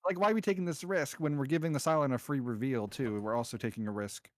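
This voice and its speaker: A man's voice: mid-range voice, quick pace. A man playing a board game online, insistently pointing out rules and risks. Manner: critical, explains rules insistently. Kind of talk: casual game chat over voice call.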